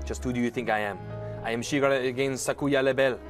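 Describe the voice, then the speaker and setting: A man's voice: medium pitch, fairly even intonation, fast, over music, close to an everyday voice. A man voicing a haughty young aristocratic male pigeon in a dating game, pompous and indignant, lecturing in a raised tone.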